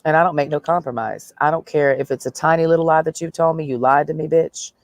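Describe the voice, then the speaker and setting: A woman's voice: sits low, quick pace, no room sound. A woman livestreaming a blunt, profane, sarcastic rant, talking straight at her listeners. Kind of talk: ranting livestream monologue.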